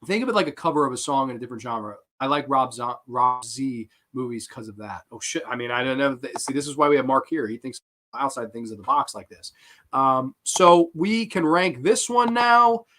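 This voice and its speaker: A man hosting a horror film livestream, ranting casually and loudly with lots of swearing while answering chat. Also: mid-range voice, fast talker. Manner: loud, animated, profane ranting.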